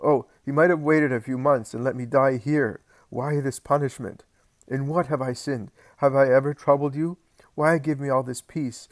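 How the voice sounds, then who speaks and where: A man's voice: mid-range voice, fairly even intonation, normal speed, hardly any pauses, no room sound, pitched above the performer's own voice, lightly acted. A man voicing a grieving old male teacher who pleads through tears in a read-aloud story. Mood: pleading, distraught. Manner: sobbing, pleading outbursts.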